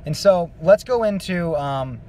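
A man giving a casual singing lesson, explaining vocal technique in a relaxed, rambling way with many fillers. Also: fairly high pitch, measured pace, a little hiss or hum. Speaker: vocal coach.

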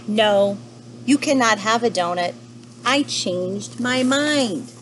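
A woman's voice: a little high, animated, slow pace, a little hiss or hum, rough recording. A woman voicing a grumpy male panda who bluntly refuses to hand over his donuts, read aloud from a storybook. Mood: refusing.

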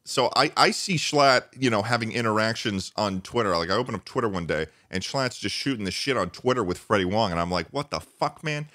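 Young male podcast co-host, low, dry-miked, animated storyteller. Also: brisk, hardly any pauses, dry recording. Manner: animated storytelling, jumps high for excited voices; laughs often. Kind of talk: casual chat.

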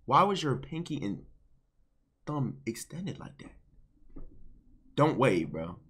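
Bright, animated young man streamer. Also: medium pitch, slightly rough. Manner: bossy, fast, animated coaching. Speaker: streamer coaching a friend. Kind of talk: casual stream chat. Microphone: gaming headset.

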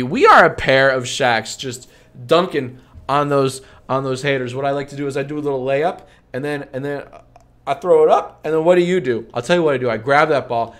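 A young adult man streaming, joking around in comedic banter, swearing constantly with playful mock bravado and breaking into loud heckling boos. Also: mid-range voice.

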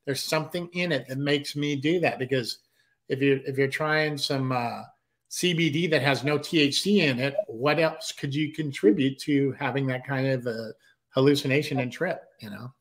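A man's voice: mid-range voice, moderate pace. A man telling a story casually, swearing freely and acting out his own panicked reactions.

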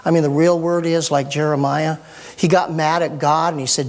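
Pastor, middle-aged man, animated sermon, folksy jokes, church sermon. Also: a little high, normal speed. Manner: animated, folksy preaching with joking asides.

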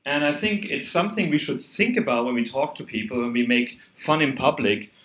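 A man's voice: medium pitch, lively intonation, a little fast, a bit bright. A man with a German accent delivers an earnest, conversational talk to an audience, pressing on points with sudden emphasis. His voice sits in a middle register. The room is echoey, like a hall at an event. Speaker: conference speaker. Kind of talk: conference talk.

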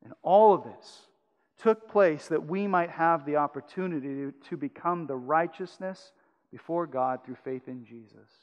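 A high-voiced male pastor preaching in a church sanctuary, his words trailing into a long hall reverb. He swings between loud, urgent pleading and quiet, intimate passages. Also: unhurried, lo-fi sound. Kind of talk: sermon.

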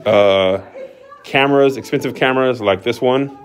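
At a moderate pace and in a mid-range voice, a man gives a casual walk-through of his new studio, an empty, spacious building. He's excitable and announces everything like a showman, recorded on a camera mic.

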